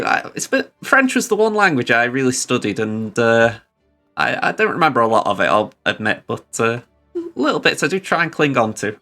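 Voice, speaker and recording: A man's voice: mid-range voice, big pitch swings, moderate pace, pushed and bright, faint music behind. A man streaming a video game, chatting casually about his moves and poking fun at himself. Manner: rambling, self-deprecating, chuckling. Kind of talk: casual gameplay commentary.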